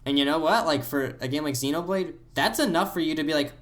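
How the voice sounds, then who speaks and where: A man's voice: a little high, quick pace, fairly bright tone. Musing man full of "like" fillers. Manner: thoughtful, heavy use of "like" fillers. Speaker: podcast co-host. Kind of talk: casual chat about video games.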